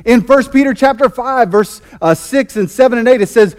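A man's voice: very high-pitched, normal speed, hardly any pauses. A man preaching a sermon as pastor, fervent and emphatic, often repeating and restarting his phrases.

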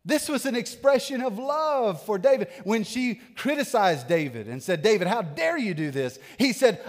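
A man in his thirties preaching a sermon as a pastor, animated, swinging between loud bursts and hushed asides. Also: high voice, normal speed, few pauses, long reverb tail. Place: church sanctuary.

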